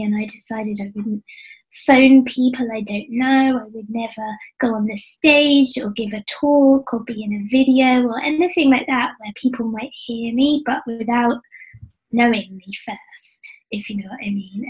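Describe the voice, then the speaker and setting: English woman in her 40s, kinda high youthful voice, chatty, laughs at herself a lot. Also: rough recording. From England. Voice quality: youthful, childlike-sounding voice. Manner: chatty, self-deprecating, laughs often. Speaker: business coach. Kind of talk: casual interview. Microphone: headphones with mic.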